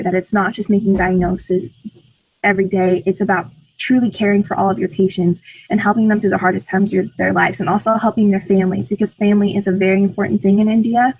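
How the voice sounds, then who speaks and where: A teenage girl speaks with bubbling enthusiasm, peppering her answers with "like." Her voice sits at a medium pitch. The sound is dry and close. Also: a little mellow, breathy edge, dry recording, poor audio. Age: teens. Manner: enthusiastic, frequent "like" fillers. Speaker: program alumna. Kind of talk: interview answers.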